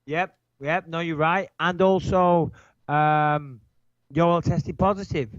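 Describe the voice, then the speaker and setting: A nasal man with a Manchester accent holds forth on a podcast in a brash, swearing way, sitting a little high in pitch. His voice comes through a slightly dull, dry studio mic with almost no room sound. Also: takes it slowly, dry recording. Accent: Manchester English. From England. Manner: brash and profane, with lively impressions. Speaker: podcast host. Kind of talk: casual podcast chat.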